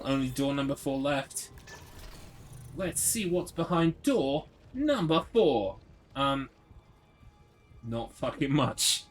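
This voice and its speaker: While streaming a horror game, a man chats casually, rambling through stories and swearing freely. His voice is medium in pitch and slightly bright, and it's casual live gameplay talk.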